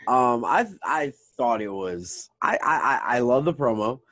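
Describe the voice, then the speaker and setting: A man co-hosting a casual podcast, ranting fast and swearing a lot. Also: mid-range voice, no room sound. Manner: animated, swearing, fast rants. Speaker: podcast co-host. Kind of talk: casual chat.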